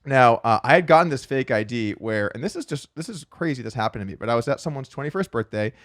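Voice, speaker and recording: A man talks fast and loose on a podcast, tumbling through his anecdotes with restarts and filler. He is miked close in a dry studio with no room sound, and his voice sits at an ordinary middle pitch. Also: animated, fairly bright tone, no room sound. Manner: quick, chatty storyteller with frequent restarts and "like". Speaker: podcast guest, professional poker player. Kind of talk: casual storytelling interview.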